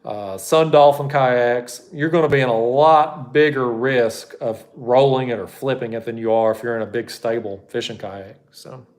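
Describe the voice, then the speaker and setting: A man's voice: mid-range voice, normal speed, hardly any pauses, darkish tone. A man hosting a fishing channel, answering viewer questions on a live stream in a blunt, folksy, rambling way.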